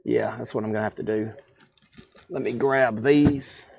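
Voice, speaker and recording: A man hosting a live record sale, calling out items, prices and buyers in a brisk, chatty way from a record shop storeroom. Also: medium pitch, steady tone, gravelly, darkish tone, husky. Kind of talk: livestream auction calling.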